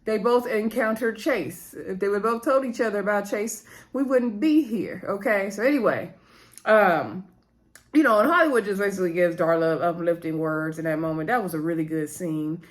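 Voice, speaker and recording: A woman's voice: mid-range voice, normal speed. A woman chatting casually to viewers, retelling scenes and talking straight to her audience. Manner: chatty, addresses viewers as y'all, retells dialogue. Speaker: TV episode recap host. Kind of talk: casual recap talk.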